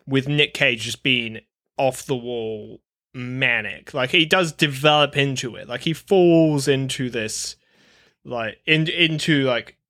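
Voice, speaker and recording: Bright-voiced man riffing on films. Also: medium pitch, takes it slowly, no room sound, studio quality. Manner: animated, rambling with many restarts. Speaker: podcast co-host. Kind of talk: casual film discussion.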